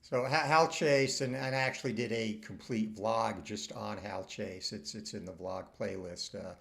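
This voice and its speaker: Male host, lowish gravelly voice, halting casual commentary. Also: fairly bright tone. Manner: halting, filler-heavy, enthusiastic.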